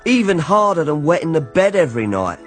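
A man's voice: a little high, sing-song, a little fast, soft background music. An actor narrating as a wry grown man recalling his childhood, in dry, ironic tones, for a radio drama.

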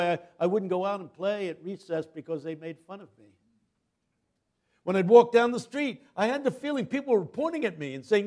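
An older man giving a sermon as a guest preacher, telling a story dramatically, dropping to a hush and then rising loud as he acts out the people in it. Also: high-pitched, expressive, fairly quick. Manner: dramatic storyteller, swings from hushed to loud, acts out quoted voices.

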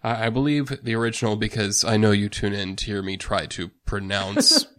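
A woman co-hosting a casual chat, measured and steady, guiding the running order. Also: extremely low pitch. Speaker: podcast co-host. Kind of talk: casual chat reviewing performances.

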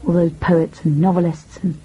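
Young woman, husky and dark-toned, dry and sarcastic; muffled lo-fi recording. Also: fairly low pitch, flat delivery, moderate pace. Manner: sardonic, dry and sharp-tongued. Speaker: daughter character. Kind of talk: drama acting.

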